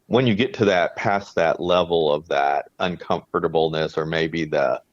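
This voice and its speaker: A man's voice: a bass voice, normal speed, no room sound. A man co-hosting a podcast, talking in an earnest, reflective way and often restarting his sentences. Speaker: podcast co-host. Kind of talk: casual chat. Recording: dry, dull lo-fi sound.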